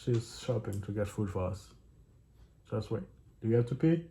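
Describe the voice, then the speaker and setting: A man's voice: on the low side, expressive, moderate pace, gravelly, dark tone. Scornful man reading aloud with commentary. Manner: scornful, breaks off reading to mock the text; laughs and sighs between passages. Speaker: host reading a Bible study book.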